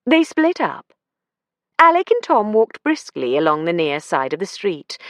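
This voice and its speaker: A woman narrating a mystery audiobook in an expressive storytelling manner. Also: low-pitched, no echo, studio quality.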